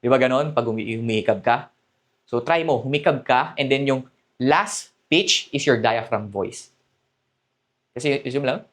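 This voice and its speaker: A man's voice: medium pitch, moderate pace, a bit bright. A man with a Filipino accent coaching men on dating, switching between Tagalog and English and often checking in with "okay?". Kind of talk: coaching talk to camera.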